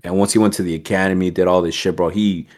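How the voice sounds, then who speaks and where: A man's voice: low voice, fast talker. A man telling a story as a podcast guest, in a casual streetwise manner with heavy swearing. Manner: streetwise slang, heavy swearing, animated quoting.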